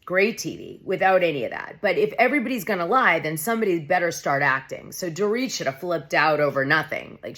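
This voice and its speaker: Woman, deep voice, gossipy, opinionated, casual vlog recap, lots of "like". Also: expressive, fairly quick, hardly any pauses, fairly bright tone. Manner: gossipy, opinionated, heavy use of "like". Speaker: gossip vlogger recapping a reality show.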